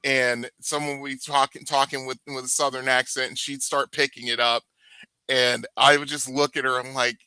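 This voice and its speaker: A man chatting on a gaming talk show in a very bright, sharp voice. He laughs easily and tells stories in quick asides. The sound is close and dry. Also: mid-range voice, fairly even intonation, smooth, dry recording. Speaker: podcast co-host and dungeon master. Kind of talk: casual chat.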